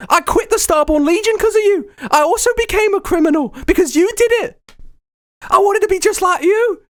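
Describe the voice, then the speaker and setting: A man voicing an overeager young male superfan, gushing with excitement in a tabletop game. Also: very high-pitched, voice pushed up. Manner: gushing, rapid-fire excitement.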